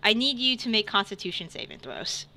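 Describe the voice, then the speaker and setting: A woman's voice: mid-range voice, brisk, crowd noise. A woman running a tabletop game as game master, giggly and hesitant, with many fillers.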